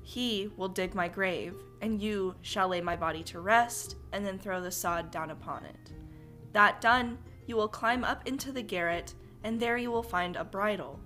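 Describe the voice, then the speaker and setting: A woman voicing a dying old hermit who speaks gravely to the boy he raised. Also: mid-range voice, moderate pace, bright, forceful tone, faint music behind, natural voice. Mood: solemn. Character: dying old male hermit, solemn and frail.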